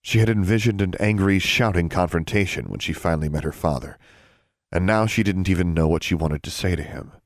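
A man reading a novel aloud as narrator, in an even, unhurried storytelling manner. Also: deep voice, no room sound, clean studio sound. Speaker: audiobook narrator. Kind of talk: scripted narration.

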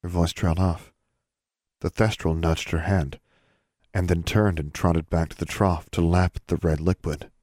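Deep-voiced man narrating an audiobook. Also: fairly even intonation, normal speed, darkish tone, no room sound, clean studio sound. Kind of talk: scripted narration.

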